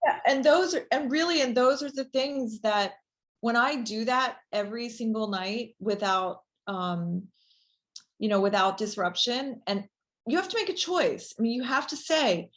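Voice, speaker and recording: A woman is interviewed about the company she founded, speaking casually with lots of fillers before warming up into an enthusiastic pitch. Her intonation is lively and her pace a little slow.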